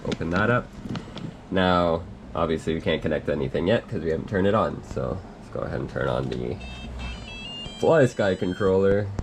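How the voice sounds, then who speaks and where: A young man under the weather, casually walking through a hands-on setup at a workbench with lots of ums and throat clearing. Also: deep voice, normal speed, slight background noise. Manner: relaxed, rambling with many ums, clears throat. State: under the weather, slightly hoarse. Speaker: RC hobby video host.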